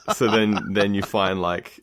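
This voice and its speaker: A man guest on a podcast, brainstorming game ideas in a loose, rambling way full of "like" and quick laughs. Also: on the low side, a bit bright. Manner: rambling, heavy use of filler "like", laughs often.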